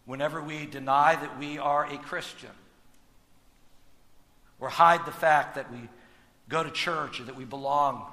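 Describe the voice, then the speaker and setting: A man preaching a sermon as pastor, with dynamic delivery that swings from hushed lines to loud, emphatic ones. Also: mid-range voice, big-room sound.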